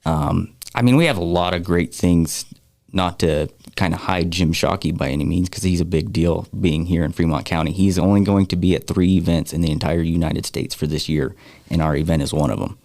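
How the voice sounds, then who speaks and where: Gravelly low-voiced man, casual and easygoing. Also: a little fast, a little mellow, no room sound, clean studio sound. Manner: easygoing, promotional, filler-heavy. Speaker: guest, foundation organizer. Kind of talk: casual radio chat.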